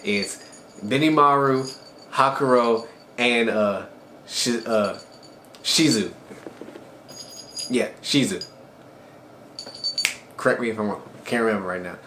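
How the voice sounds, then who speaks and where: A man casually recapping an anime episode as a reviewer, telling it loosely and with excitement. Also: fairly low pitch, takes it slowly, long pauses. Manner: excited storytelling, loose and conversational. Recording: echoey room with faint background noise.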